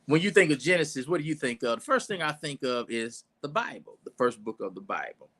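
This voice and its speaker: Preacher guy in church, chatty sermon, bright voice that jumps around a lot. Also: medium pitch, expressive, a little fast. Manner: conversational, with restarts and asides, building emphasis. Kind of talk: informal sermon teaching.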